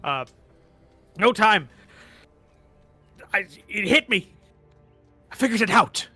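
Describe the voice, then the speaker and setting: A man's voice: sits high, breathy edge, dry recording, soft background music, exaggerated voice. A man voicing a frantic, sleepless male traveler who stammers in his hurry to share a discovery. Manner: hurried, stammering, excited.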